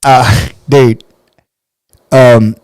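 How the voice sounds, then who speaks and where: A man co-hosting a podcast in casual chat, animated, acting out quotes in a raised voice. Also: medium pitch, extremely slow, clean tone, no echo. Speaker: podcast co-host.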